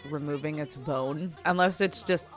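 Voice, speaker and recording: A woman's voice: deep voice, normal speed, faint music behind. A young woman casually commenting while she watches a cartoon, chatty and amused, talking back to the screen. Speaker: reaction vlogger.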